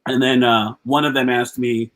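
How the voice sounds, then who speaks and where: Man telling stories in a middle pitch. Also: moderate pace, poor audio. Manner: lively anecdotal storyteller, casual swearing. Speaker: stand-up comedian guest. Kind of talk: casual podcast storytelling.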